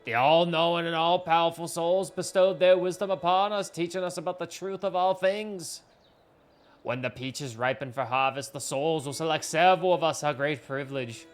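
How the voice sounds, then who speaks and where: A man's voice: on the high side, normal speed, soft background music, pitched above the performer's own voice, lightly acted. A man as a solemn preaching village shaman.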